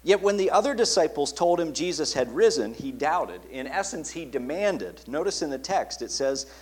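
A man preaching a sermon in an earnest tone, dropping soft and quiet when he quotes the words he attributes to Jesus. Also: on the high side, big pitch swings, normal speed, slightly rough. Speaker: pastor.

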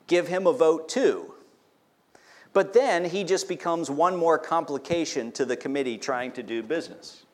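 A man preaching a sermon as pastor, explaining scripture and asking the congregation questions. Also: on the high side. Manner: teaching, asks the congregation questions.

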